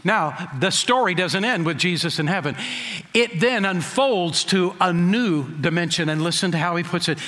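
A man preaching a sermon as pastor, emphatic, slowing down to stress key phrases and asking rhetorical questions. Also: sits high, fairly bright tone, in a large hall.

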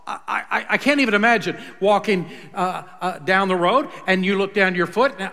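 Bright-voiced preacher in an echoey hall. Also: male voice, high-pitched, lively intonation, fairly quick, few pauses. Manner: dramatic storytelling, swings from loud to hushed. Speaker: pastor. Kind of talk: sermon.

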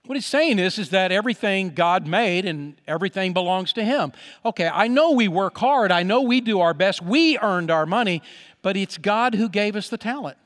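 A man preaching a sermon on money to his congregation, earnest and emphatic, slowing on key words and dropping soft when he voices a prayer. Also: high-pitched, lively intonation, big-room sound. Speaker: pastor.

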